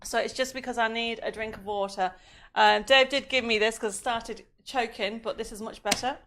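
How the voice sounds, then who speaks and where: A woman's voice: a little high, steady tone, normal speed, a bit bright, a little hiss or hum. Woman hosting a craft chat from her studio, friendly rambling, reading viewer names, voice a bit strained. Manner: chatty, reads out viewer names and greetings. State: coughing, voice going. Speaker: craft show host. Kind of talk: live-stream chat reading viewer comments.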